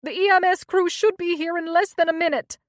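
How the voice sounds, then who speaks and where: A woman's voice: extremely high pitch, fairly even intonation, a little fast, dry recording, clean studio sound, voice pushed up. A woman doing an older tearful nurse. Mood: distraught. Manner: emotional, wailing.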